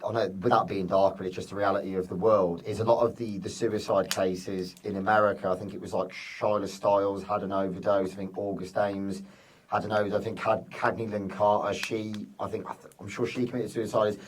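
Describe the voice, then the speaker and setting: Casual male host, low register, easygoing and chatty, set back from the mic. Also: brisk, recorded from a distance, a little hiss or hum, poor audio. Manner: relaxed, rambling, self-deprecating. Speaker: podcast host. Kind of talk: casual podcast interview.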